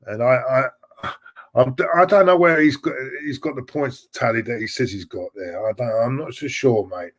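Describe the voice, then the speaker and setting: Reading out viewer messages on his fan live stream, a middle-aged host chats in a rambling, repetitive way. He speaks at normal speed in a mid-range voice.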